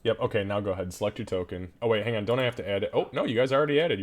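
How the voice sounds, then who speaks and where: A man narrating as game master of a tabletop game, casual and quick to laugh, swearing freely. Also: lowish voice.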